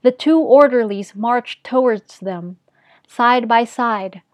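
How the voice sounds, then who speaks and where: A woman reading a literary story aloud as narrator, in a measured storytelling manner. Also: on the high side, no room sound. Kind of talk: scripted narration.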